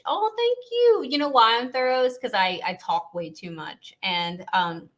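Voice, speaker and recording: A woman's voice: high-pitched, animated, normal speed, fairly bright tone. A woman from Louisiana, hosting a casual live stream and chatting in a rambling way, laughing often.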